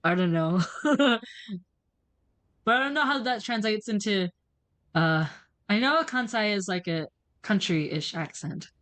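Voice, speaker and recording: A woman's voice: mid-range voice, animated, unhurried, pauses often, fairly bright tone. A woman casually commenting while playing a story game, thinking aloud, laughing and swearing. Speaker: game streamer.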